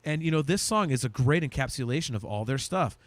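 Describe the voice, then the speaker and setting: A man hosting a podcast, talking about music in relaxed, enthusiastic casual chat. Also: mid-range voice, brisk, dry recording. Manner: relaxed, enthusiastic, drops in fillers. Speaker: podcast host.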